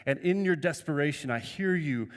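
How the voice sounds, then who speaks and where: A man preaches earnestly in a church auditorium, his slightly high voice carrying a long reverb tail through the hall. He restarts phrases often and checks in with the congregation by asking "right?". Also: animated, normal speed. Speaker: pastor. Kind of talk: sermon.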